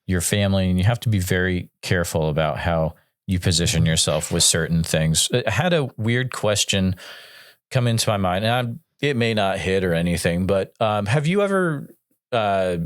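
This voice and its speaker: Man, interview host, smooth clear voice, halting thoughtful questions, dry sound. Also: deep voice, animated, dry recording. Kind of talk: casual interview.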